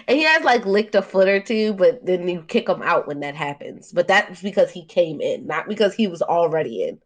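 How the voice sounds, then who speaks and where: A woman's voice: medium pitch, animated, normal speed. A woman co-hosting a podcast in casual chat, with a Baltimore accent, telling stories defensively, laughing often and filling her speech with "like". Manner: laughing, defensive storytelling with many fillers. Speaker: podcast co-host.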